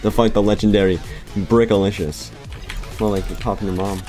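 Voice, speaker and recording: A young man giving joking gameplay commentary as a YouTuber, excitable and prone to bursts of yelling. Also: fairly low pitch, brisk, soft background music. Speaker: gaming YouTuber.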